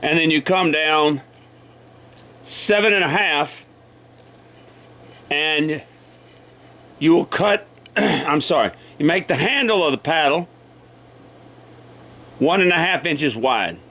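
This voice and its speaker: A man with a cold teaching woodcarving in a folksy, repetitive way, often clearing his throat and apologizing. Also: a little high, animated, slow, pauses often, sharp tone. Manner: folksy, repeats measurements, frequent throat clearing. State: has a cold. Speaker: woodcarving instructor. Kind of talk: casual step-by-step demonstration.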